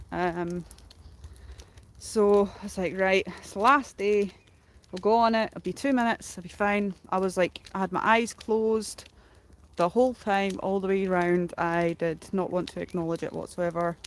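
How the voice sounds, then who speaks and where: A middle-aged woman streamer with a fairly low pitch and darkish tone casually retells a story on a livestream. She rambles, full of fillers, likes and ums, and there's a little hiss or hum.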